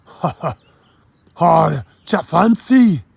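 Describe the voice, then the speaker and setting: A man voicing a loud, bossy Jamaican dockside man with a heavy accent, drawing his words out slowly. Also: high-pitched, animated, pitched above the performer's own voice, heavily acted. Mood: bossy, mocking. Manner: loud, drawn-out and slow.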